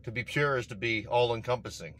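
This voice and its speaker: A man's voice: mid-range voice, fast talker, fairly bright tone. A man in a casual motivational monologue, intense and profane, rambling as he talks. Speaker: vlogger. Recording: outdoor traffic noise.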